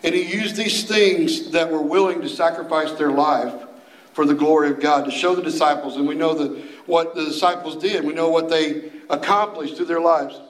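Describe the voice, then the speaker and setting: A male youth minister preaches in a folksy, animated way and slips into playful voices while he tells the story. His voice sits a little high. The recording has the echo of a roomy space. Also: normal speed. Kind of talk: sermon.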